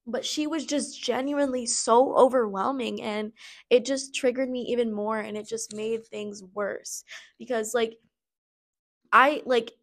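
A young adult woman with a slightly higher voice tells her own story on her podcast. She speaks candidly and loosely, with plenty of fillers, and gets blunt, swearing now and then. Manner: candid and rambling, many fillers. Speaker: podcast host. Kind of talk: personal storytelling.

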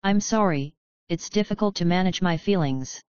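A young man in distress, struggling out his words in halting bits, as a woman narrator reads him. The voice is smooth and lowish, on a dry, somewhat dull recording. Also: a little mellow, no room sound, natural voice. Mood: strained. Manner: strained, halting. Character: young male wizard, strained and distressed.

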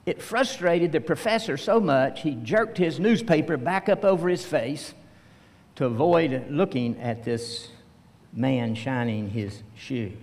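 A man preaching a sermon as pastor, telling a story slowly and acting out the voices he quotes. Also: on the high side, a little mellow. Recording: long reverb of a church hall.

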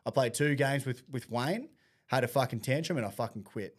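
Fast-talking, sweary man. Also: mid-range voice, slightly rough. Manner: blunt, sweary, animated storyteller. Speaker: podcast co-host. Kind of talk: casual storytelling chat.

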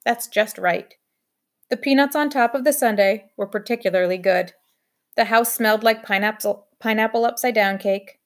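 A woman reading a children's novel aloud in steady first-person storytelling. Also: fairly high pitch, moderate pace. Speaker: audiobook reader.

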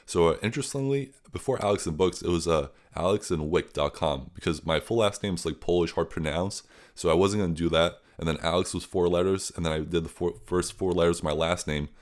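A man's voice: low voice, brisk. A young man who is a guest on an interview podcast, telling a story in an earnest, rambling way full of fillers.

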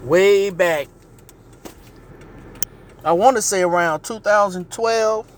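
A man's voice: sits high, takes it slowly. A man hosting a podcast, talking bluntly in casual slang as he comments from inside a car. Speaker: podcast host. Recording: noisy car interior.

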